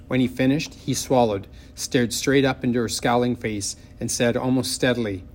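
A man narrating an audiobook in a measured, expressive way. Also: mid-range voice.

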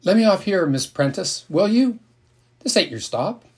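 A man's voice: high-pitched, very animated, normal speed, voice pushed up. A man doing a brusque woman bus driver. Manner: brusque, warning.

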